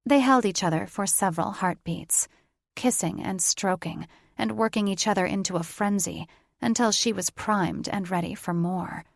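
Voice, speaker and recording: Lady reading a romance audiobook, gravelly low voice, dry close sound. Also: normal speed, no echo. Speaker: audiobook narrator. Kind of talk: scripted romance audiobook narration.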